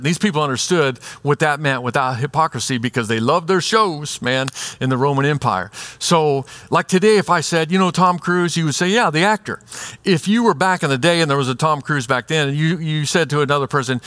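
Male pastor, sermon, conversational, animated, fairly high voice. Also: brisk, no room sound. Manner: conversational, animated, acts out examples.

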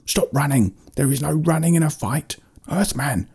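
A man voicing a gruff, grumpy ancient forest creature who hates losing, in a bedtime storybook. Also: deep voice, lively intonation, moderate pace, darkish tone, heavily acted. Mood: shouting. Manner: gruff, blustering, easily annoyed. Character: grumpy ancient male forest fighting creature, sore loser.

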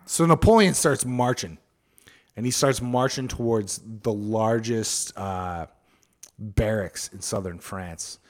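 A man's voice: fairly low pitch, slow. Crude slangy male storyteller. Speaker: podcast host. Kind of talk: casual storytelling chat.

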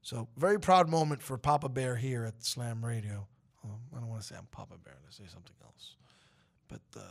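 A man who runs a college radio station, speaking casually on air in a rambling, upbeat way and laughing often. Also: medium pitch. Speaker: station manager.

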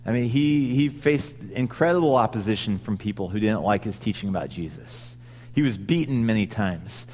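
A man's voice: fairly low pitch, animated, moderate pace, darkish tone, long reverb tail. A man preaching a sermon in a conversational way, with frequent restarts and asides. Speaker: pastor.

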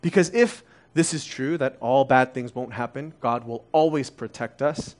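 A man's voice: mid-range voice, normal speed. A man in his thirties, originally from Korea, preaching a conversational sermon full of rhetorical questions. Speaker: pastor.

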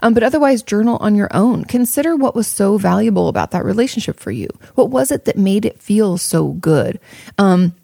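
A woman's voice: mid-range voice, animated, a little fast, gravelly, warm tone, dry recording, clean studio sound. A woman therapist giving casual, frank advice to viewers, thinking aloud with plenty of fillers and the odd swear word. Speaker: therapist answering viewer questions.

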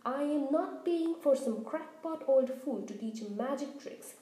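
A woman voicing a loud, bullying middle-aged uncle who shouts and blusters in a storybook reading. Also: high voice, lively intonation, measured pace, voice pushed up. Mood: furious. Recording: roomy echo.

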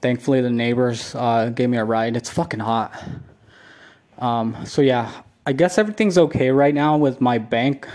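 Rambling, profane man with a mellow voice. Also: medium pitch, moderate pace. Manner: rambling, profane, repeats himself with many "like" fillers. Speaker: vlogger. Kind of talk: casual solo vlog storytelling. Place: at home.

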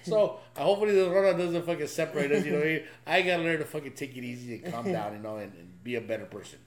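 Married dude rambling n cursing, stammers a lot, kinda high voice. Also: male voice, racing, a crowd in the background. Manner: rambling, profane, self-deprecating, stammers. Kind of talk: casual podcast chat.

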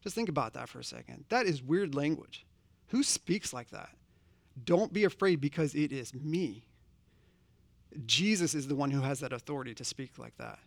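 Guy giving a sermon, kinda high voice, chatty, asks the church questions, dry sound. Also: expressive, moderate pace, vocal fry, no echo. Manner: earnest, conversational preaching with direct questions to the congregation. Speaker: pastor.

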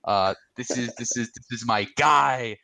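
Male podcast co-host, forceful tone, emphatic opinions, dry sound. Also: mid-range voice, measured pace, gravelly, dry recording. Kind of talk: casual podcast chat.

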